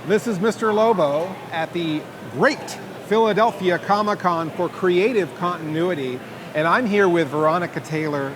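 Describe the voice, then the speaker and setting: A man's voice: high-pitched, normal speed, noisy background. A man interviewing a guest at a comic convention, friendly and full of compliments. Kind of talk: casual interview.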